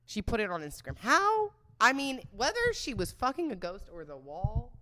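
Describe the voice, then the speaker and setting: A woman's voice: mid-range voice, big pitch swings, a little fast, a bit bright, slight background noise. A young adult woman hosting a podcast in casual chat, crude and rambling, slipping into mocking voices when she quotes people. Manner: mocking put-on voices when quoting others. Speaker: podcast host.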